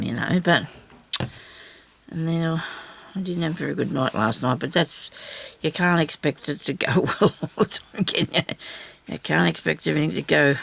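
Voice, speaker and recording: An older woman chats her way through a crafting session at home, wandering off topic and quietly asking herself what to do next. Her voice is deeply gravelly and husky. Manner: rambling, talks to herself while working. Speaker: craft channel host. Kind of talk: casual crafting chat.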